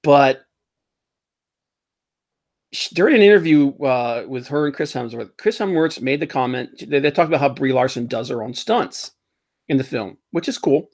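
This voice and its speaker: A man hosting a casual pop-culture podcast, rambling and animated, often laughing as he mocks what he talks about. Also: mid-range voice, normal speed. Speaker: podcast host.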